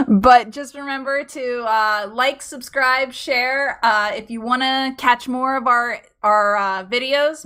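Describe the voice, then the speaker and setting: A woman's voice: fairly high pitch, slow, sharp tone. A woman co-hosting a casual chat about online stories, giggling often as she talks. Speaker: co-host reading stories.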